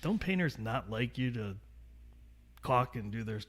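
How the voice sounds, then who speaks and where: A male podcast co-host who mostly chimes in with short, teasing replies. His voice is husky and lively in pitch, casual and relaxed. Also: measured pace. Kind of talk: casual chat.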